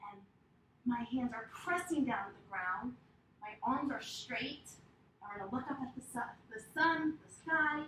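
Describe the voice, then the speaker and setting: A woman with a high voice reads a picture book to young children, drawing out her words in a slow, sing-song way. She coaxes the kids through animal poses and hand signs. The room around her is echoey. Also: noisy background. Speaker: children's storyteller and yoga teacher. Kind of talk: reading a picture book with yoga and sign language for kids.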